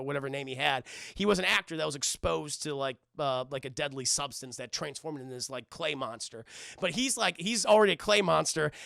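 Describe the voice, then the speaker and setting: A man doing a casual, excitable spoiler review on a livestream, swearing and using lots of fillers. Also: a little high, creaky, no echo, studio quality. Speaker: cartoon reviewer streaming live.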